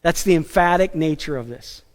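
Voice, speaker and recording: High-voiced, emphatic male pastor in a reverberant hall. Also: moderate pace. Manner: animated, emphatic, with asides and self-deprecating jokes. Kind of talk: sermon. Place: church sanctuary.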